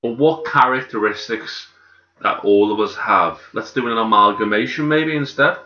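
A man's voice: on the low side, moderate pace, bright, forceful tone. A man co-hosting a casual chat, full of swearing and banter. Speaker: podcast co-host. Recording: echoey room, dull sound.

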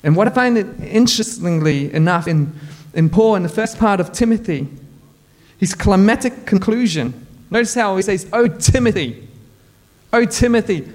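A pastor preaching a sermon to his church, telling funny personal stories in an animated way. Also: high-pitched, moderate pace. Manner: animated, humorous storytelling. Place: church in front of a congregation.

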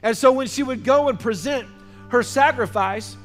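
A man's voice: extremely high pitch, normal speed, faint music behind. A man preaching a sermon in a church, emphatic and calling out questions to the congregation. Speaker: pastor.

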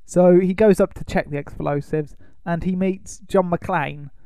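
A man's voice: high-pitched, fairly even intonation, measured pace, warm tone, clear, resonant tone, no echo, studio quality. A man co-hosting a podcast, retelling a film's plot in casual chat with jokes and laughs. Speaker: podcast co-host.

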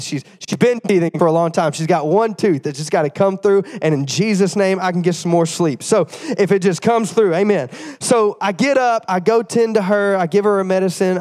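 A young man preaching a sermon, telling a story with lively call-outs to the congregation, tired after the flu. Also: high voice. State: tired, getting over the flu. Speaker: pastor.

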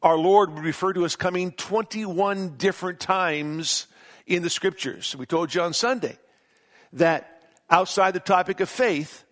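A man's voice: sits high, a bit bright. Emphatic man preaching a sermon. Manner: emphatic preaching, reads scripture aloud with slowed stresses. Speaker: pastor.

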